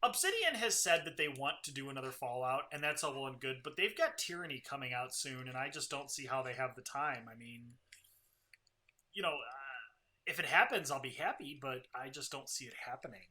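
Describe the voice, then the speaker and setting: A man's voice: mid-range voice, expressive, brisk, sharp tone. A man co-hosting a casual gaming podcast, giving rambling, opinionated commentary on game news. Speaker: co-host.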